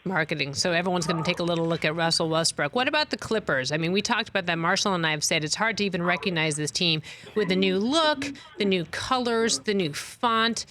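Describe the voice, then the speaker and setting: A woman co-hosting a sports talk show, asking quick, teasing, animated questions. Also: lowish voice, slight background noise. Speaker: co-host. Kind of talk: casual chat.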